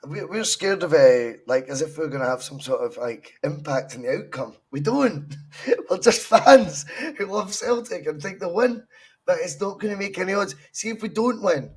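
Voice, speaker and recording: A man's voice: high voice, animated, normal speed, breathy edge. A Scottish man co-hosting a football podcast, talking casually, swearing and laughing as he argues. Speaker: podcast co-host.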